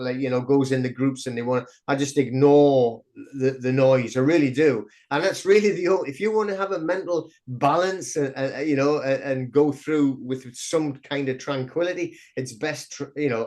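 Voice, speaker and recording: Rambling middle-aged man, guest. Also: mid-range voice. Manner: rambling, excitable storyteller with many restarts. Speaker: podcast guest. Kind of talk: casual interview chat.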